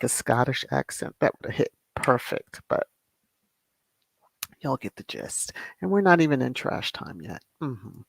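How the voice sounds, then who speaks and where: A livestream host chats at an easy, unhurried pace, and the voice has a gravelly fry. The host greets viewers by name, laughs often and reads their comments aloud. The sound is close and dry. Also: mid-range voice, dry recording. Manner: drawn-out, unhurried delivery with frequent fillers. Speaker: channel host. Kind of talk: casual livestream chat, reading viewer comments.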